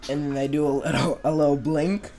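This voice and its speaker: A man's voice: fairly high pitch, fairly even intonation, fairly quick, mellow, a little hiss or hum. A young man telling comedic school stories in a chatty, sarcastic way, acting out the people he quotes. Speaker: animation storyteller. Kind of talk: comedic storytelling.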